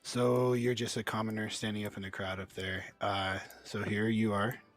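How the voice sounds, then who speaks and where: A man's voice: lowish voice, level tone, normal speed, dry recording. A man narrating a tabletop game as game master, casual and descriptive with frequent fillers.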